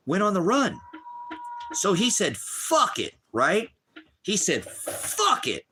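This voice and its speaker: A man's voice: high voice, wildly swooping pitch, slow, pushed and bright, a little hiss or hum. Profane, agitated middle-aged man ranting. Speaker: livestreamer. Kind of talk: angry livestream rant.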